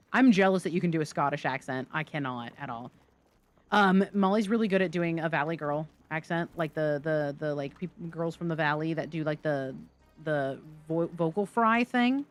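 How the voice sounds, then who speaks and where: A woman's voice: deep voice, expressive, normal speed. A woman streaming live gameplay, chatting and joking with her viewers as she plays. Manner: chatty, jokey, talks to chat. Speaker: game streamer.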